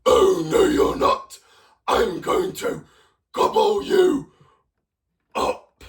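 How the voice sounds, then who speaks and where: Man doing a menacing storybook troll, hissing breathy growl, slow drawn-out threats, swoops between very low and very high. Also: very animated, echoey room, recorded from a distance, heavily acted. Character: menacing male bridge troll, greedy and gruff.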